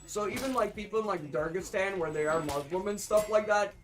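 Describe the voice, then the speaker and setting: A man's voice: high-pitched, a little fast, a bit bright. A man from Azerbaijan in a casual chat, explaining things in a rambling way. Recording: distant mic.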